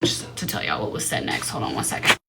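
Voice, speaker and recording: A woman livestreaming, telling a story to her viewers in a blunt, profane, animated way, often into a phone mic. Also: fast, heavy background noise. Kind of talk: casual storytelling to a live audience.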